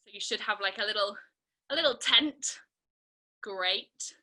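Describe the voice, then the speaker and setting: A young woman with a medium-pitched voice leads an online family theatre and craft session over a video call, with poor audio. Bright, playful and encouraging, she speaks slowly to the children and guides them step by step.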